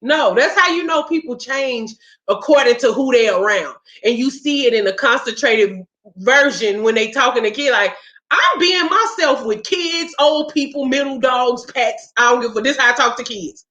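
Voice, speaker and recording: A woman's voice: on the high side, normal speed, fairly bright tone. A woman hosting a casual chat, telling stories in a blunt, profane, fired-up way. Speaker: podcast host. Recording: roomy, dull lo-fi sound.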